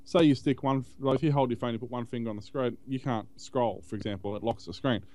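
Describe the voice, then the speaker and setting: A man's voice: medium pitch, steady tone, fast, dark tone. A man co-hosting a tech podcast, chatting casually in a rambling way. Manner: rambling, many fillers and restarts. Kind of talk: casual chat.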